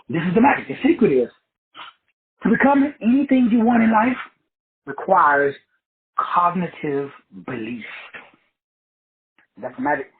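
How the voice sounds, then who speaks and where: Husky man on a tinny line. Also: sits high. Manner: preachy, wordplay-driven, repeats phrases for emphasis. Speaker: podcast host. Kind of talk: motivational talk show monologue.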